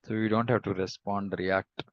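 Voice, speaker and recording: Man, scripture teacher, reflective and measured, gravelly voice, dull dry recording. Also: fairly low pitch, fairly even intonation. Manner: reflective, measured, with pauses and hums. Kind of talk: devotional scripture class.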